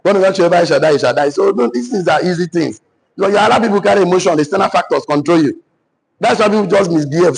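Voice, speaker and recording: A man's voice: sits high, lively intonation, fast, gravelly, rough recording. A man with a Nigerian accent, a business mentor giving a preachy motivational talk with call-and-response, slipping into pidgin.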